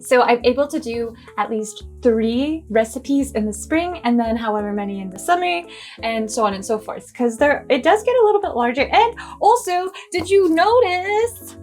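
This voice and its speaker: A young woman chatting excitedly in a casual cooking vlog, gushing and squealing with delight. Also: on the high side, moderate pace, faint music behind. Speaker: cooking vlogger.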